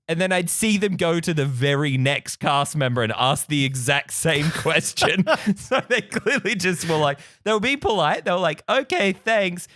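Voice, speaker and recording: A man with a soft Australian accent co-hosting a theme park podcast in casual, animated chat. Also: a little high, no room sound, clean studio sound. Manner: animated, laughs often, quick tangents. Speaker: podcast co-host.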